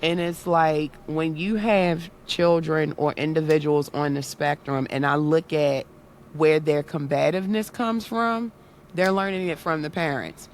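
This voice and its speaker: A woman's voice: sits low, measured pace, slight background noise. A woman guest in a casual interview, telling personal parenting stories earnestly and acting out the voices she quotes. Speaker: guest, content creator and autism awareness activist.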